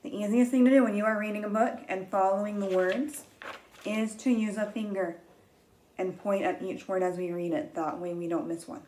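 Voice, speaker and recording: A woman reading a picture book aloud to young children as their teacher, gentle and patient, counting along and gasping with wonder. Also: medium pitch, steady tone, moderate pace, a little hiss or hum, low-quality recording. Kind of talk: slow read-aloud lesson for young children.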